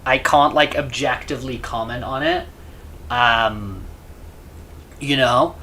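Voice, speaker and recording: A man talks loosely to his live-stream viewers, trailing off and stumbling over repeated words as he thinks aloud. His voice sits at an everyday middle pitch. A faint hiss of noise runs behind him. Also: slow pace, sharp tone. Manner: rambling, stammering, repeats words; chats with viewers between game moments. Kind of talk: casual live-stream chat.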